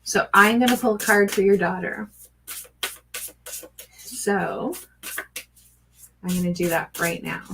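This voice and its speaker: A woman's voice: medium pitch, slow pace, long pauses, faint music behind, rough recording. A middle-aged woman doing a live-stream oracle card reading, chatting with viewers and greeting them by name. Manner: chatty, warm greetings to viewers, gushing excitement.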